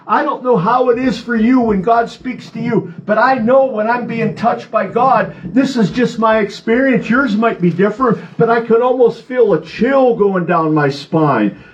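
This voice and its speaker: High-voiced man preaching a sermon. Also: highs cut off, slight background noise. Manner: conversational preaching with frequent "amen" and "uh". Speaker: pastor.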